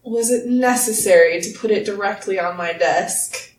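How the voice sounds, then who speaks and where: A woman's voice: medium pitch, moderate pace, slight background noise, close to an everyday voice. Woman playing tiefling cult boss, male, weary, dismissive, curt exasperated orders, echoey room, distant mic.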